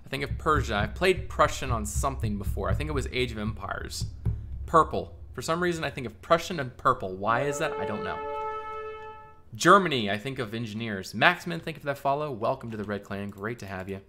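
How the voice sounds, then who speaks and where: A man's voice: medium pitch, expressive, a little fast, over music. A man streaming live and chatting casually with viewers, thinking aloud in a rambling way and laughing often.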